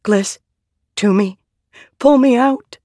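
Fierce, tense young woman from an audiobook, as a narrator puts her on, slow-paced, dry. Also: mid-range voice, no room sound, lightly acted. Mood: desperate.

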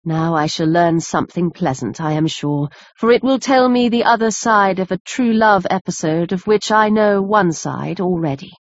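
A woman narrating a classic novel as an audiobook reader in a steady storytelling manner. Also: lowish voice, normal speed, few pauses, no echo. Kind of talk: scripted narration. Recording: dry, slightly muffled lo-fi recording.

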